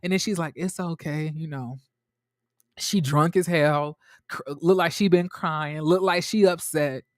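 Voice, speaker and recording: A man reviewing a TV episode for his viewers in a chatty, animated way, talking straight to them and often restarting his sentences. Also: on the high side, a little slow, dry recording, clean studio sound. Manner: restarts and trails off a lot. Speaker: TV show reviewer. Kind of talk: casual episode recap to viewers.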